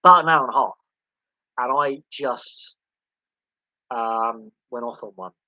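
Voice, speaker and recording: A man's voice: mid-range voice, measured pace, bright, forceful tone, no echo. A man in his thirties hosting a casual sports live stream, rambling with fillers and restarts on a dull lo-fi mic. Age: 30s. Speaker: sports channel host.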